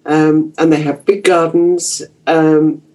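A woman's voice: deep voice, little pitch movement, takes it slowly, warm tone, low-quality recording. An older woman from Yorkshire with a received pronunciation accent, a broadcaster chatting as an interview guest about her childhood, self-deprecating and full of fillers. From Yorkshire, England. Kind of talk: reminiscing interview talk.

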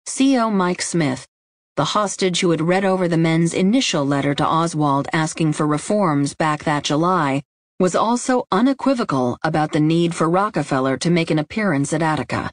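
Audiobook narrator, woman with a lowish voice, steady scripted delivery, dry booth sound. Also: moderate pace, no echo.

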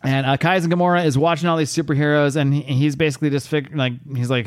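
A man's voice: on the high side, fairly even intonation, quick pace, hardly any pauses, no room sound, clean studio sound. A man hosting a casual comic-book recap in a rambling, chatty manner. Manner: rambling, chatty, with fillers and laughter. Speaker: podcast host.

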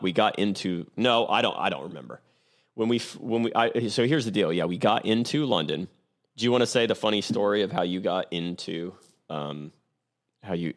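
A man with a very low, deep voice tells a long travel story on his podcast. He rambles along casually, restarting sentences and chuckling at his own mishaps. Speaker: podcast host.

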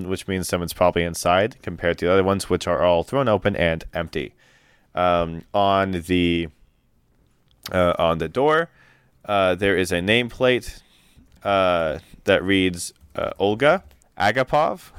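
Man, game master, tabletop game, hesitant, ums and uhs, low voice, dry close sound. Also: smooth, no echo.

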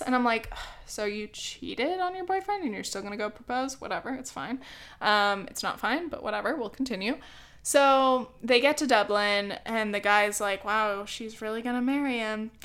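A woman's voice: on the high side, fairly bright tone. A young woman vlogger chatting casually and sarcastically about a movie, with lots of filler words, into a camera mic. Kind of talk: casual movie review chat.

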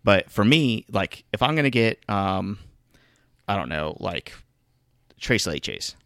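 A man's voice: lowish voice, sing-song, a little slow, fairly bright tone, no room sound, studio quality. A man co-hosting a podcast in casual chat, grumbling and rambling with lots of fillers and restarts. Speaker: podcast co-host.

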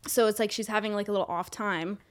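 A woman co-hosting a podcast in casual chat, talking in a rambling, profane, animated way. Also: mid-range voice, quick pace. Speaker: podcast co-host.

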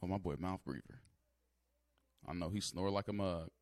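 A man's voice: sits low, normal speed, a little mellow, no room sound. A young man giving casual reaction commentary on a news clip, talking in loose slang with lots of asides. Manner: loose slang-heavy talk, frequent laughs and asides. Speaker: streamer reacting to news clips.

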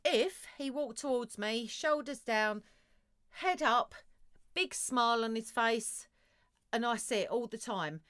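Middle-aged woman, blunt and sweary, smooth clear voice, dry sound. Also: a little high, takes it slowly, a bit bright, no echo. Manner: blunt, emphatic, swears freely. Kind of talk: casual advice chat.

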